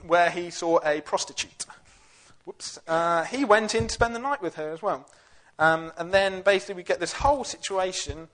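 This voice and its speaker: A man's voice: a little high, a bit bright. A young man giving a casual, jokey Bible talk full of fillers and slang. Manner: chatty, jokey, with lots of fillers. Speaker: youth Bible teacher.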